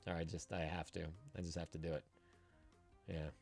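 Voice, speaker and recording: A man hosting a casual live stream, reading chat aloud and answering with loud, teasing, profane banter while drinking beer. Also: deep voice, little pitch movement, a little fast, no echo, clean studio sound, faint music behind. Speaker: streamer giving advice to chat. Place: home streaming setup, San Francisco.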